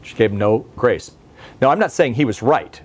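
Male pastor, mid pitch, preaching in a studio in an easygoing storytelling manner with rhetorical questions. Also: animated, moderate pace, breathy edge. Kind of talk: televised sermon.

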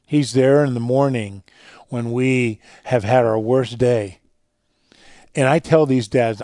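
Man, radio interview guest, earnest storyteller, mellow dark tone, dry close sound. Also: mid-range voice, measured pace, dry recording. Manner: earnest, storytelling, drops quiet for emotional parts. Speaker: guest speaker on fatherhood and faith.

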